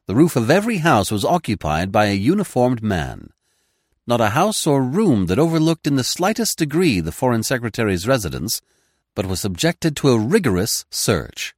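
A man narrating a classic detective story as an audiobook, voicing every character with lively expression. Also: medium pitch, no room sound, studio quality. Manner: reads all characters in one voice, lively and expressive.

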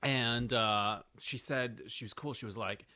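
A man's voice: medium pitch, fairly even intonation, a little slow, pushed and bright. A man co-hosting a podcast, chatting casually and telling funny stories about his week. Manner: chatty storyteller, laughs easily. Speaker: podcast co-host. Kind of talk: casual chat.

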